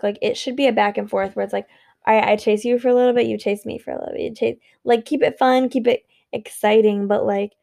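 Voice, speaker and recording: Brief: tired woman vlogger, frank and foul-mouthed, a bit higher-pitched, with gravelly fry. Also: a little mellow. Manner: blunt, profane, emphatic, repetitive. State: sleepy and yawning. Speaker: vlogger giving relationship advice. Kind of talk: casual unscripted advice monologue.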